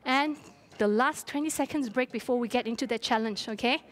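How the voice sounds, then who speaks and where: A woman's voice: on the high side, brisk. A woman fitness instructor coaching a live workout, encouraging and cheering her class on while out of breath. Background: faint music.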